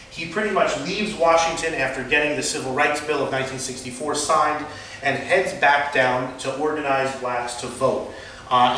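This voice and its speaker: A man's voice: mid-range voice, fairly bright tone, slight background noise. Male teacher lecturing off the cuff with fillers; distant mic, very reverberant classroom. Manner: unscripted with frequent fillers and restarts. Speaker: history teacher. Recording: echoey room, far from mic.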